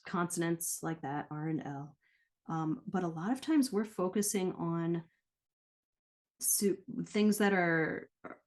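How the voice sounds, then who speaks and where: Lower-voiced woman explaining patiently. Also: darkish tone. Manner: explanatory, often checks in with "right?". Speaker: guest, pronunciation coach. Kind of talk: casual interview conversation.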